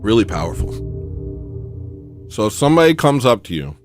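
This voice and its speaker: A man hosting a comedy livestream, rambling deadpan through absurd asides. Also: lowish voice, normal speed, music in the background.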